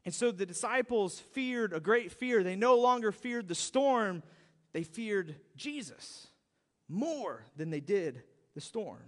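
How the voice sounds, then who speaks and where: Male pastor, very high voice, conversational sermon, reverberant church hall. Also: slow. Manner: storytelling, animated, conversational.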